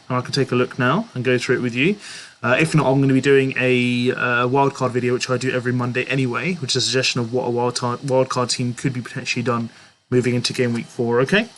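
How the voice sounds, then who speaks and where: A man's voice: mid-range voice, flat delivery, fast, fairly bright tone, a little hiss or hum. A young man hosting a casual live stream, reading out viewers' chat messages and answering them in a chatty way, often laughing. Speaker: livestream host answering chat.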